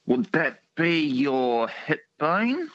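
A man's voice: fairly high pitch, big pitch swings, drawn-out words, dry recording. A man calling in to a radio quiz over the phone, playful and game for doing impressions. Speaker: caller. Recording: muffled phone line.

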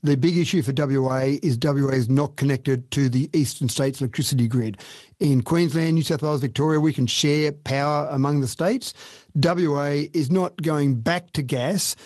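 A man answering a radio host in a brisk, explanatory way. His voice is slightly higher than most men's, and the sound is dry and close. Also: darkish tone, no echo. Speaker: small business consultant, guest.

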